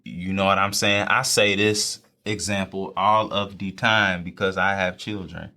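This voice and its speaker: A man's voice: low-pitched, fairly even intonation, measured pace, pushed and bright. A young man, talking faith casually and repeating phrases for emphasis. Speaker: podcast co-host. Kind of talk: faith talk among friends.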